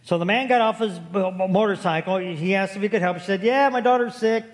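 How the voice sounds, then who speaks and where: A man's voice: sits high, fairly even intonation, quick pace. A man preaching a sermon to his congregation, folksy and storytelling, joking with the room. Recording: long hall reverb.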